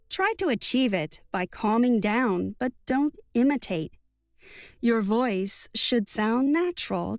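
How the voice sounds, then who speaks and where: A woman reading a book summary as scripted narration, in an even, measured way. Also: a little high, no room sound. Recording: dry studio voice-over with soft music.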